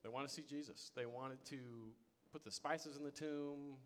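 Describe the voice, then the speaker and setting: A young adult man preaching a sermon as a pastor, telling stories with energy and swinging between loud excitement and quiet. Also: medium pitch, moderate pace, slight background noise. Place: church sanctuary.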